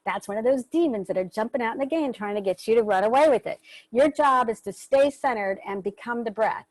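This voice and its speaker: A woman's voice: fairly high pitch, brisk, darkish tone, no echo, low-quality recording. A woman hosting an online workshop over a video call, giving casual spoken instructions in a loose, chatty way with the odd swear word. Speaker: workshop host.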